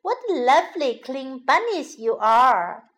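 A woman voicing a gentle, busy mother rabbit in a children's storybook, speaking in a soft, fond, motherly way. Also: sits high, big pitch swings, slow, exaggerated voice.

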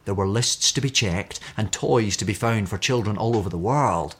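A man reading a children's story aloud with expressive, animated storytelling. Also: on the low side, normal speed, slightly rough.

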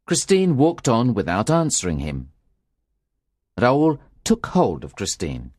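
A man narrating a graded reader story in a slow, clear and expressive way. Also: mid-range voice, no echo, studio quality. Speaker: audiobook narrator.

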